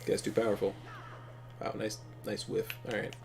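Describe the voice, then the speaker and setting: A man's voice: fairly low pitch, completely flat delivery, moderate pace, vocal fry. A man hosting a casual gaming commentary, rambling through crude jokes and laughing often. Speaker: let's play host.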